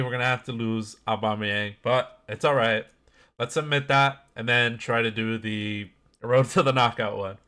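A young man with a mid-range, slightly bright voice is a gaming YouTuber opening packs in a video game. His commentary is casual and chatty, with frequent laughter and self-mockery.

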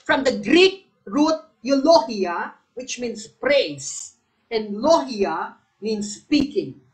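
A Filipino woman hosts a live exam review, her slightly high voice moving slowly with wide pitch swings on a low-quality recording. She repeats questions, calls on viewers by name to answer, and switches between English and Tagalog now and then.

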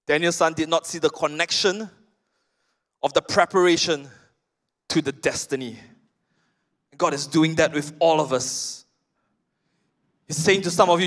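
High-voiced Malaysian pastor preaching. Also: male voice, a little slow, pauses often. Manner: animated storytelling with casual asides. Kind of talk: sermon.

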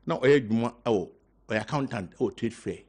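An older man with a Ghanaian accent, talking as a guest on a talk show, halting and mixing in local words. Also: medium pitch, husky. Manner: halting, mixing in local words, growing loud when telling a story. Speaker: guest party member. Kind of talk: casual talk show interview.

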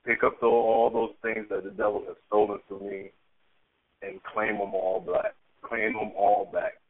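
A man from Michigan calling a religious radio show, emotional and excited, repeating his praise. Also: fairly low pitch, unhurried. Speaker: caller. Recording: tinny phone line.

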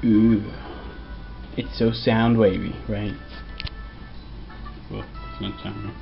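A man's voice: fairly low pitch, steady tone, takes it slowly, gravelly. A man walking through a casual tech tutorial, rambling and joking, sometimes putting on mock voices for what the computer says. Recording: dull lo-fi home recording with faint music.

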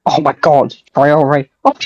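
Young man, sarcastic teasing, mid pitch, muffled lo-fi sound, dry. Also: level tone, slow pace, darkish tone, dry recording. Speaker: opponent in online game. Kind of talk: casual gaming banter.

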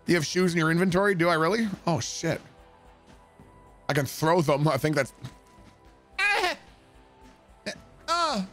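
A man's voice: a little high, brisk, pauses often, a bit bright, soft background music. A man streaming a roleplay game, talking to chat in an exasperated way, swearing and laughing at his bad luck.

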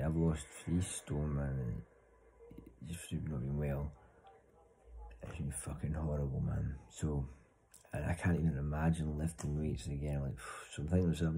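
Bloke, very low and dark voice, loose sweary banter for a vlog. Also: male voice, slight background noise, low-quality recording. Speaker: vlogger. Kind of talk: casual chat to camera.

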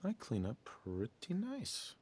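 A man's voice: on the high side, wildly swooping pitch, takes it slowly, a little mellow, slightly rough, full character voice. An actor voicing a self-satisfied young husband in a video game who is playfully pleased with his own looks. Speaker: game character.

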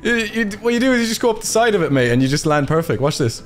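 A man laughing and joking in casual banter while playing a game with friends. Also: rapid-fire. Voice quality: laughs a lot, lively swings in pitch. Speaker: gamer. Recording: game music underneath.

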